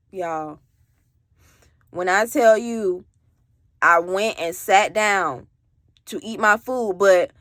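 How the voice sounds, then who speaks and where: A woman's voice: mid-range voice, very slow, long pauses, a bit bright, no echo. A young adult woman telling her own story in a rambling, candid way, full of "like" and casual swearing.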